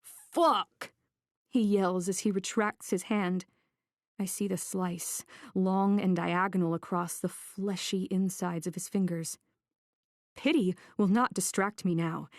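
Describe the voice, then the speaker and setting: A woman reading a first-person thriller audiobook in a tense, measured way. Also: on the low side, steady tone, no echo, studio quality. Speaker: audiobook narrator.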